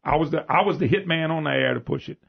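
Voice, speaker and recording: A man with a Louisiana Southern accent hosting a radio talk show, telling rambling folksy anecdotes in an animated way. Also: fairly high pitch, quick pace, gravelly, slightly rough. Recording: dull lo-fi radio broadcast.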